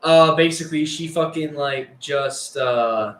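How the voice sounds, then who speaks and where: A man's voice: fairly high pitch, a little slow, fairly bright tone, slight background noise. Rambling, profane young man in an echoey room. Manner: rambling, profane, filler-heavy. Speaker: storyteller. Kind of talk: casual storytelling.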